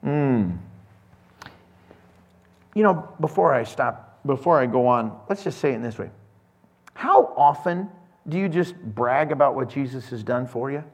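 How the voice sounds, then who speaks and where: A man preaching a casual, conversational sermon as pastor, acting out little scenes with quick voices. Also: medium pitch, animated.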